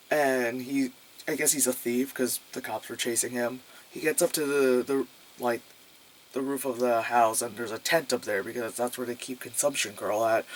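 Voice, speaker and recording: A man's voice: mid-range voice, fairly bright tone. Rambling, sarcastic man reviewing a movie. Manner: rambling and sarcastic, heavy use of filler "like"; swears freely.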